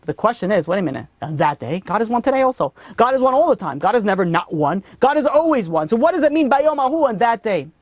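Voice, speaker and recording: A man, teaching a Torah class and telling stories with lively swings between loud and hushed delivery. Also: high voice, fast, hardly any pauses, no echo. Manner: animated storyteller, drops to a murmur for story asides. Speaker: rabbi teaching a weekly class.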